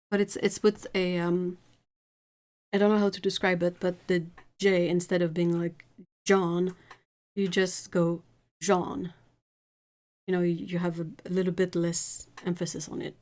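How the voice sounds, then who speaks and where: Slow, low-voiced woman streamer. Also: little pitch movement, darkish tone. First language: French. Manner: chatty, laughs often, answers viewer comments. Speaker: art livestream host. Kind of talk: casual livestream chat.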